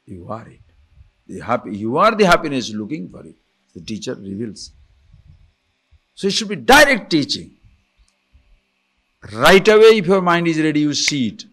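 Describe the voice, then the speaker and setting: A man's voice: a little high, big pitch swings, moderate pace, pauses often, a bit bright. A man giving a scripture lecture as a spiritual teacher, telling stories full of rhetorical questions.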